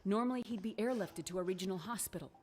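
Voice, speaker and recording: A woman playing a calm, clinical doctor. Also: medium pitch, soft background music, close to an everyday voice. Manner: measured, clinical. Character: calm, clinical female doctor under pressure. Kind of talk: video game cutscene acting.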